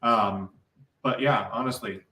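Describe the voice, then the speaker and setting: A man in casual chat as co-host, talking haltingly with many fillers. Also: lowish voice, bright, forceful tone, reverberant, distant mic, a little hiss or hum, rough recording.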